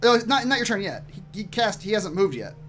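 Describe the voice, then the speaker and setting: A man's voice: high voice, big pitch swings, fairly quick, a bit bright, soft background music. A man running a tabletop game online as game master, loose and chuckling, with many ums.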